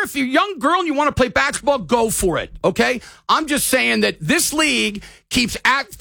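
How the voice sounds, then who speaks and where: A middle-aged man hosts call-in sports radio in a fired-up ranting style. His voice sits high and swoops widely, with a gravelly edge. The sound is bone-dry and close. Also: sharp tone, no room sound. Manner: fired-up, ranting, apologetic asides.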